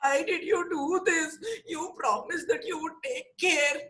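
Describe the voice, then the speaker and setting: A woman's voice: high voice, fairly even intonation, a little slow, a bit bright, voice pushed up. A woman voicing Viru, a young gardener in a children's story, who speaks in a tearful, pleading way.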